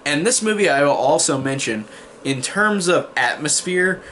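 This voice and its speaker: A man's voice: on the high side, expressive, moderate pace, fairly bright tone, slight background noise. A young man giving a casual spoken movie review, rambling with lots of fillers and restarts. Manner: mocking character voices when quoting.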